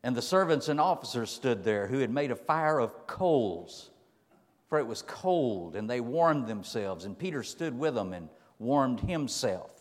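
Folksy preacher in echoing hall. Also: male voice, medium pitch, lively intonation, measured pace. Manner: folksy, emphatic, dramatic swings in loudness. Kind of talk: sermon.

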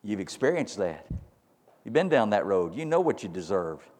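Lowish-voiced man preaching in a reverberant hall. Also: sing-song, moderate pace, a little mellow. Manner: preaching with repeated rhetorical questions, building to emphatic peaks. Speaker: pastor. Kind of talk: sermon. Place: church sanctuary. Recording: long reverb of a large hall.

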